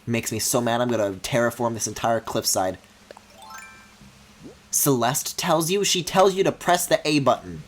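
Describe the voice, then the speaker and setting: A man streaming a video game, thinking aloud in a low mumble and breaking into high, excited squeals and mock-outraged swearing. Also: moderate pace, soft background music. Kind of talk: live-streamed gameplay commentary.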